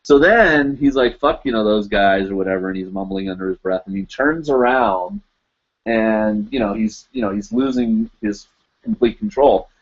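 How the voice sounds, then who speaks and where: A man's voice: mid-range voice, sing-song, normal speed, creaky. A man hosting a live chat show, telling a long story casually and filling it with "you know" and "like". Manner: rambling, loaded with "you know" and "like". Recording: dull lo-fi livestream audio.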